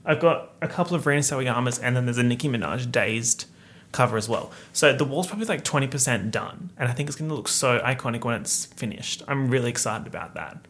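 Animated and quick, this medium-pitched, slightly bright voice belongs to a young Perth podcast host sharing a casual, campy update. Slang and self-mockery run throughout, over slight background noise.

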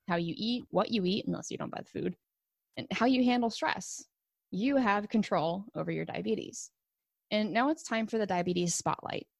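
A woman hosting a podcast, interviewing a guest and then reading an informative segment in a steady voice. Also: on the low side, creaky, dry recording. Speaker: podcast host. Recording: dry close recording.

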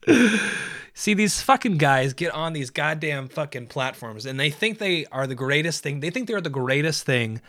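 A man talks alone into a close microphone, his voice sitting a little high for a man. He rambles and swears, sarcastic and mocking. The room sound is dry and tight. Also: animated, normal speed, bright, forceful tone, no echo. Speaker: podcast host. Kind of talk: solo podcast rant. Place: indoors by a window.

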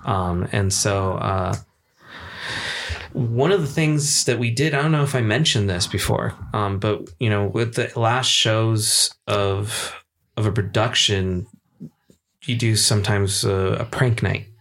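A man's voice: on the low side, measured pace, fairly bright tone. A young man co-hosting a podcast, telling a rambling story with many fillers and laughing as he goes. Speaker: podcast co-host. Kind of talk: casual storytelling.

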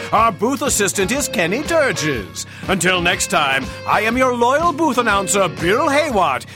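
A man acting as the booth announcer, reading the show credits in a formal announcer style. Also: sits high. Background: music.

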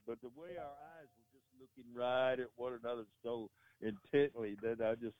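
A man's voice: medium pitch, fairly even intonation, fairly quick, no room sound. Older man telling stories over a phone line. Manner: rambling anecdote with many restarts. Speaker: wrestling manager guest. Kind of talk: casual storytelling.

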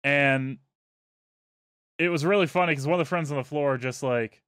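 A man hosting a podcast, telling a story in a relaxed, profane way and trailing off into quiet asides. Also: fairly high pitch, normal speed, long pauses, clean tone, dry recording, clean studio sound. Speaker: podcast host. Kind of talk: casual storytelling.

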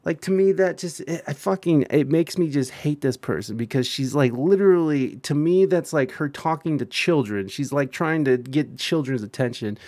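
A man's voice: on the high side, normal speed, few pauses, darkish tone, no echo. A man hosting a stream, reacting to clips with crude, profane, rambling commentary and frequent laughter. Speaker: streamer host. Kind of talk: casual reaction chat.

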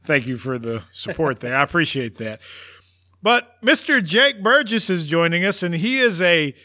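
Bright, animated male sports podcast host. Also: fairly high pitch, normal speed. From West Virginia. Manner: animated, ranting, theatrical emphasis. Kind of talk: casual sports talk.

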